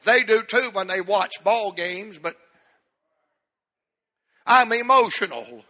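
A middle-aged man preaching an emotional sermon as pastor in a church, with a drawn-out cadence that swells. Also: sits high, sharp tone. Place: church sanctuary. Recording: long hall reverb.

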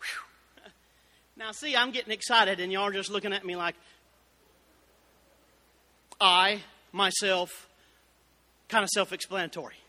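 A man preaching a fervent Baptist sermon, building up to shouted exclamations. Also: high-pitched, steady tone, a little slow, pauses often. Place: church sanctuary. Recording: reverberant church hall.

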